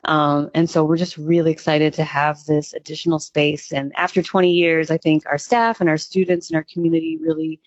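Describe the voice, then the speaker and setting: Upbeat low-voiced woman, dull dry sound. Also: flat delivery, fairly quick, few pauses, no echo. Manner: upbeat, earnest, with frequent ums. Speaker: executive director of a youth music nonprofit. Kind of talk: radio interview answers.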